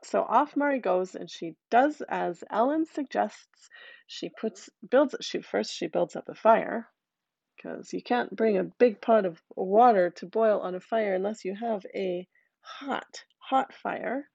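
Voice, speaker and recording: A woman telling a folktale aloud in a lively, conversational way with asides to listeners. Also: mid-range voice, measured pace, creaky, no room sound, muffled recording. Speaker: storyteller.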